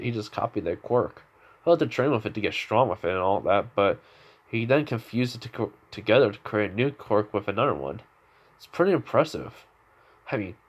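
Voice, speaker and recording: Relaxed mercenary mentor done by a man, rambling, offhand, fan-told story. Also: mid-range voice. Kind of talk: improvised fan story telling.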